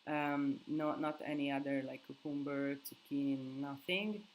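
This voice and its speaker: A woman's voice: very deep voice, fairly even intonation, measured pace, a little hiss or hum, low-quality recording. A sleep-deprived young woman hosts a casual live Q&A. She answers viewer questions, thinking aloud and hunting for words.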